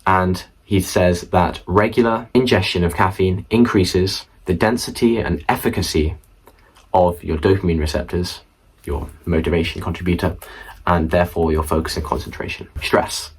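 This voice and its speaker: Speaking in a low, steady, slightly rough voice at a moderate pace, a young man gives study tips to the camera with chatty asides for his audience. He's a student study vlogger indoors at home, recorded in low quality on a camera mic facing the viewer.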